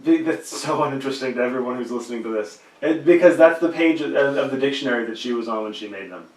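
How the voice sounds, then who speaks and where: A man's voice: mid-range voice, quick pace. Guy cohosting a podcast, teasing and goofy, sounds a bit far off in an echoey room. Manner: playful, jokey and teasing. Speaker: podcast co-host. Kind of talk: casual comedic podcast banter. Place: indoor recording room. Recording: roomy room, mic at a distance.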